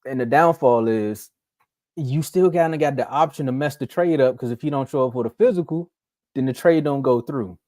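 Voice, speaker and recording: A man hosting a casual sports talk show, animated, acting out what players might say in playful put-on voices. His voice is mellow and warm, recorded close and dry with no room sound. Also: mid-range voice, moderate pace, dry recording. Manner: animated, acts out quotes in mocking voices. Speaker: sports podcast host.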